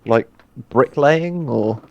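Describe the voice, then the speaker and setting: A man's voice: mid-range voice, slow pace, creaky, no room sound, lo-fi sound. A man playing in a tabletop game, chatting casually with a wry, joking manner. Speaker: player.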